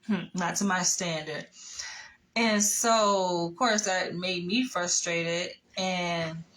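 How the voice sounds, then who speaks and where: A young adult woman from Florida, telling stories in a blunt, profane, animated casual chat. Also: on the low side, slow pace, rough recording. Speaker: vlogger.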